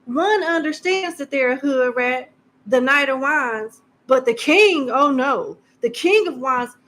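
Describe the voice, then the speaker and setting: Brief: woman tarot reader, joking and blunt, a bit high-pitched. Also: expressive, a little slow, a bit bright, low-quality recording. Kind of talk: casual live tarot reading.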